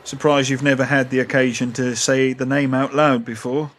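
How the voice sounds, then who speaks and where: A man's voice: mid-range voice, flat delivery, normal speed. A man playing a shopkeeper in a comedy sketch, dry and patiently pedantic.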